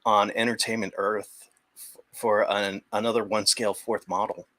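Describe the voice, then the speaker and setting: A man's voice: fairly low pitch, level tone, normal speed, a bit bright, no echo. A young man chatting casually as a guest on a stream, rambling with many restarts and the odd swear. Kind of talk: casual chat.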